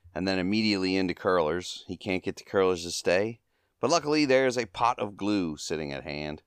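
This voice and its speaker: A man's voice: sits low, smooth, no room sound, studio quality. A man hosting a podcast, casually recapping and reviewing an old comedy short, chuckling often as he retells the gags. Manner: chuckling often, acting out quoted lines.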